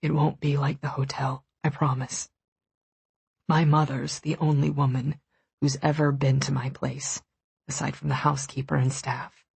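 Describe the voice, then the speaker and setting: A woman voicing an anxious, intense wealthy young man in an audiobook, speaking low, urgent and hushed. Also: steady tone, measured pace, vocal fry, breathy edge, no echo, exaggerated voice. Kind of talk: audiobook dialogue.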